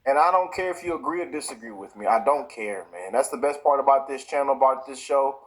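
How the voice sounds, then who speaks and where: A man hosts his own show, ranting in heated, repetitive commentary that keeps restarting. His medium-pitched voice is animated and fast, and the recording is rough.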